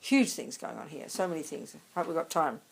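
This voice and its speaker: A woman, a Buddhist nun, giving an animated dharma talk and answering audience questions. She often checks that listeners follow and calls them darling. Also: sits low, a little fast, gravelly, slightly rough.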